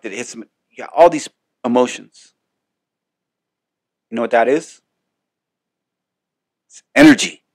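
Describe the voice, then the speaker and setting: A male podcast host talks through a casual motivational monologue, rambling and full of swearing. His voice sits at an ordinary middle pitch and lands with blunt emphasis. The sound is dry and close, with no room echo.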